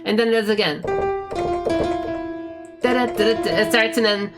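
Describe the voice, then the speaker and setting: A woman's voice: mid-range voice, takes it slowly. A woman breaking down song melodies in a casual music theory talk, humming phrases to show them. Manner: hums and sings melody lines to explain them. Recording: music playing loudly behind the voice. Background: guitar music.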